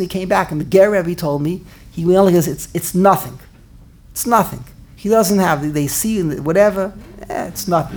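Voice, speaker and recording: This woman, a Torah teacher, has a mid-range, slightly rough voice. She gives a religious class by thinking aloud, posing emphatic rhetorical questions and restarting many times.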